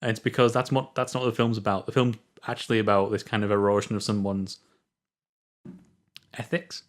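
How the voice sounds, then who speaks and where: Measured British man analysing a film. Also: lowish voice, flat delivery. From Britain. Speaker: film review host. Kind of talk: casual film review chat.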